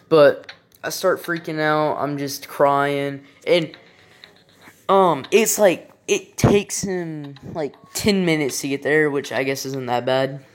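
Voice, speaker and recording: Rambling, profane young man telling a story. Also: mid-range voice. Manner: rambling, profane, frequent restarts and fillers. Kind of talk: casual personal anecdote.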